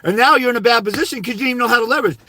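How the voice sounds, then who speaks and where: A man's voice: very high voice, very fast, bright, forceful tone, no room sound. A man consultant giving a blunt, profane, berating livestream rant. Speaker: fathers' rights consultant. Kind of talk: ranting livestream monologue.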